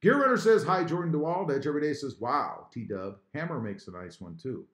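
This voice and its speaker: Brief: lively man, somewhat high voice, live-stream host reading chat, echoey room. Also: a little fast. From Texas. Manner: animated, reads viewer comments aloud.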